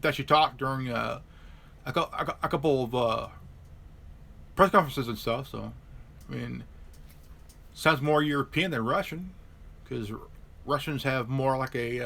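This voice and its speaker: Halting, bright-voiced man chatting politics. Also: mid-range voice, vocal fry. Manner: halting, many repeated words and restarts. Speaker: live stream host. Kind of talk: casual political chat.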